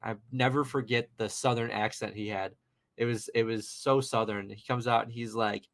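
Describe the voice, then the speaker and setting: A man's voice: mid-range voice, fairly even intonation, normal speed, a bit bright. A young man in his twenties, a guest paranormal investigator, telling a personal story casually on a podcast, rambling with many fillers. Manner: chatty, rambling, lots of fillers and "you know".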